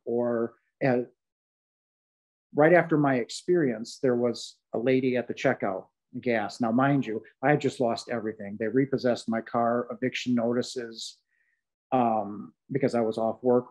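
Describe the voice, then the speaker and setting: A man recounts his near-death experience as a guest on a podcast, his medium-pitched voice fairly even, moderately paced, and a little mellow. His earnest testimony is full of heartfelt emphasis, fillers, and restarts. The recording is rough.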